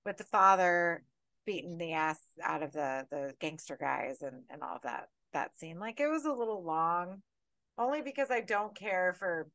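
A woman co-hosting a horror podcast in casual chat. She talks with animated energy and swears freely through her rants. The recording is dry and close. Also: lowish voice, moderate pace, dry recording. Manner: animated, profane, ranting. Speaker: podcast co-host.

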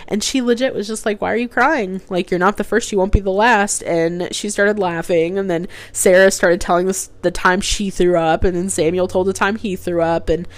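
A woman's voice: medium pitch, fairly even intonation, normal speed, few pauses, no echo. A young woman hosting a solo podcast, telling a personal story in a chatty way, laughing often and using many fillers. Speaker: podcast host.

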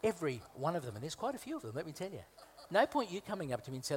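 A man's voice: on the high side, very animated, racing. A man from Malta, a guest preacher, delivering a conversational sermon with humorous asides and emphatic repetition. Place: church hall. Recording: reverberant hall.

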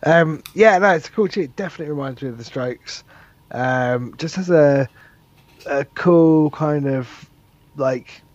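A man co-hosting a podcast in relaxed, casual chat. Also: on the high side, measured pace, no room sound, dull audio. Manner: relaxed, chatty, often says brilliant. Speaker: podcast co-host.

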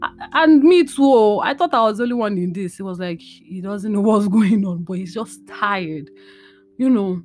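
A woman's voice: mid-range voice, normal speed, a little mellow, faint music behind. A young woman talking candidly and emotionally to her listeners in a personal monologue, chatty and full of fillers, recorded at home.

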